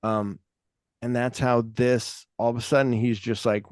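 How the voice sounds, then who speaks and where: A man's voice: mid-range voice, level tone, a little slow, clean tone, dry recording, studio quality. A man hosting a podcast, rambling through casual film talk, acting out quotes and swearing freely. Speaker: podcast host.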